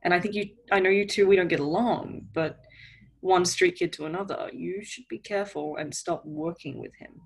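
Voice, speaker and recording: A woman playing an earnest young female street kid who talks in a halting way. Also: fairly low pitch, gravelly, slight background noise.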